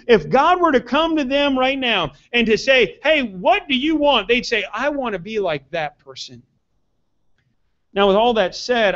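A man preaching in a church, his voice pitched high for a man and carried with earnest, rising emphasis on his key points. The recording is dull and lo-fi, with a muffled church-sound quality. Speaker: pastor. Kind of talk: sermon. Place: church sanctuary.

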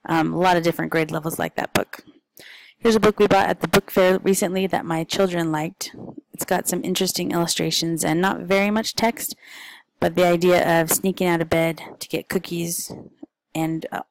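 A woman's voice: fairly low pitch, steady tone, moderate pace, vocal fry, a little hiss or hum, low-quality recording. A woman, a parent, chatting casually and informally through a stack of picture book recommendations, with frequent ums and uhs.

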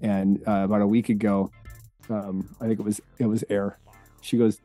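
A middle-aged man co-hosting a podcast in casual chat, telling stories in an animated way and laughing now and then. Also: lowish voice, normal speed, no room sound, faint music behind. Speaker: podcast co-host.

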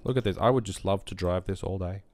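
A sick young man rambling and joking through casual gameplay commentary, sometimes yelling at the game. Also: low-pitched, fast talker, noisy background. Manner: rambling and joking, with sudden loud outbursts at the game. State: sick with a virus. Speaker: gaming YouTuber.

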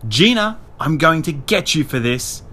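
A man voicing a jealous, possessive young girl in an audiobook, with a snapping, whiny, raised high voice. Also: huge pitch swings, normal speed, creaky, a little hiss or hum. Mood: angry.

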